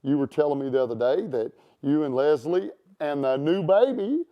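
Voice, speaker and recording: A man's voice: on the high side, expressive, moderate pace, lo-fi sound. A man hosting a casual interview chat, rambling with many fillers and restarts. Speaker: show host.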